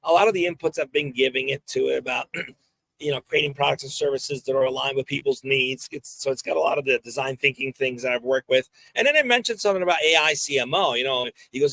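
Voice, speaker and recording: A man's voice: mid-range voice, fast, sharp tone, no room sound, rough recording. A man co-hosting a podcast, explaining his points by recounting a conversation step by step. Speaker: podcast co-host. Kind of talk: casual discussion.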